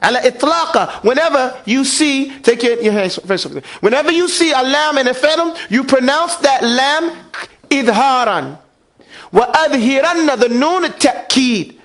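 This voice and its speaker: Teaching Quran recitation to a classroom, a man poses questions and makes the students repeat after him. He sounds very high, animated and a bit bright, taking his time.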